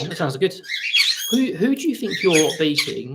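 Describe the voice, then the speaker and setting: A man's voice: a little high, expressive, brisk, vocal fry, heavy background noise. Man chatting with squawking parrots around. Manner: chatty, breaks off to coo and talk to his parrots. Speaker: parrot channel host. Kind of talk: casual live-stream chat, answering viewer questions. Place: home room with pet parrots. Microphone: laptop for live stream. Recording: parrot squawks and clicks in background.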